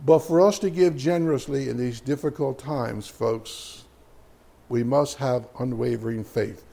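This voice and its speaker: A man's voice: mid-range voice, a little slow, vocal fry, warm tone. A middle-aged man preaching a sermon as pastor, conversational and folksy, with chuckling asides to the congregation.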